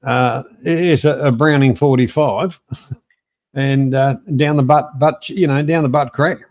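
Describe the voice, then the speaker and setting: A man's voice: mid-range voice, fairly even intonation, a little slow, a little mellow. Stammering Australian man. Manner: stammering, starts over and over. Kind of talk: casual chat on a live stream.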